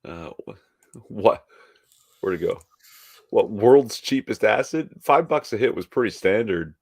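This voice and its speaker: Deep-voiced man spinning playful comparisons. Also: lively intonation, unhurried, a little mellow, breathy edge, dry recording, studio quality. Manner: builds long playful metaphors. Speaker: podcast co-host. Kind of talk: casual chat.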